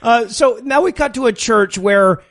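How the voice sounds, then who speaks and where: A man's voice: very high voice, moderate pace. A man co-hosting a podcast in casual comedic chat, mocking a movie with wry, profane riffs. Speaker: podcast co-host.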